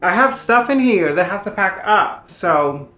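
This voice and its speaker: A woman's voice: mid-range voice, expressive, measured pace, fairly bright tone, echoey room, faint music behind. Sassy chatty woman vlogging at home. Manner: sassy, chatty, calls viewers girl and child. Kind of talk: casual chat to viewers. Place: home apartment while packing to move.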